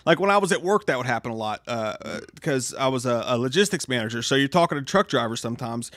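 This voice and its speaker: A man's voice: mid-range voice, fast, no echo. A man from Virginia Beach co-hosting a casual show, telling stories with stammers and frequent laughs. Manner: animated storyteller, stammers, laughs a lot. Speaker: podcast co-host. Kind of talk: casual chat.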